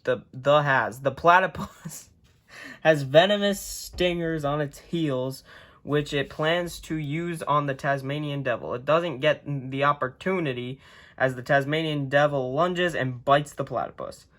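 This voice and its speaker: A man's voice: a little high, measured pace, fairly bright tone. A man hosting a video, reading a children's book aloud in a casual way, often tripping over words and chuckling as he goes, recorded on a phone.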